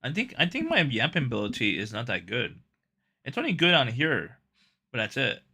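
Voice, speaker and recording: A man's voice: mid-range voice, big pitch swings, normal speed, pushed and bright, husky. A man livestreaming, chatting casually with his viewers, rambling and self-conscious with many restarts. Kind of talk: casual live stream chat.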